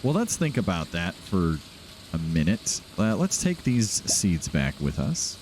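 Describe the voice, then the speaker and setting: Chatty low-voiced man playing a farming game. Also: wildly swooping pitch, a little slow, a little mellow, slight background noise. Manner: chatty, rambling, laughs often. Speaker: host of a game playthrough. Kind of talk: casual gameplay commentary.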